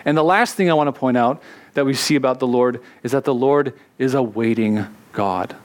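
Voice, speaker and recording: A man, a pastor, preaching a sermon in an earnest way, slowing down to stress key words. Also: medium pitch.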